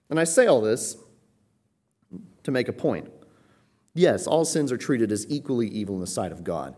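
A man who is a pastor, preaching a teaching sermon and explaining Greek words, often checking in with a quick "right?". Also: lowish voice. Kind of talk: expository sermon.

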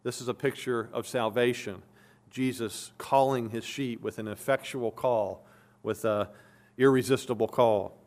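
A man's voice: medium pitch, fairly even intonation, measured pace, darkish tone. A male pastor preaching an expository sermon, reading scripture aloud and explaining it verse by verse with earnest emphasis.

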